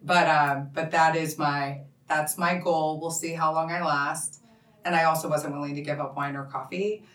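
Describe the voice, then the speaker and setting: Low-voiced woman host, roomy and off-mic. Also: fairly even intonation, a bit bright, far from the mic. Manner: enthusiastic, quick to agree. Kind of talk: casual chat. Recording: roomy echo, voice a bit off-mic.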